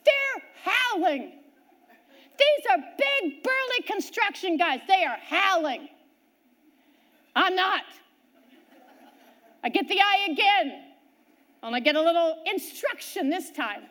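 A middle-aged woman preacher giving a sermon, telling a personal story with lively swings between loud and quiet. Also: extremely high pitch, slow, pauses often.

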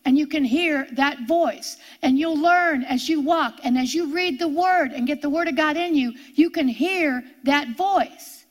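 A woman's voice: high-pitched, unhurried, few pauses. A woman preaching a sermon, emphatic and repeating her points for force.

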